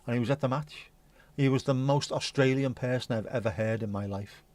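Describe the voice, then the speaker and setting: A man's voice: mid-range voice, a little fast, a little mellow. A man hosting a casual livestream, rambling and chatty, swearing casually and humming little tunes. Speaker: livestream host.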